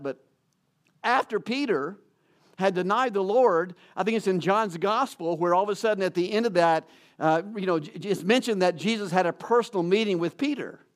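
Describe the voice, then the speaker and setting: High-voiced man preaching conversationally. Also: fairly quick. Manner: conversational preaching with self-deprecating jokes and frequent restarts. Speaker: pastor. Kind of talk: sermon.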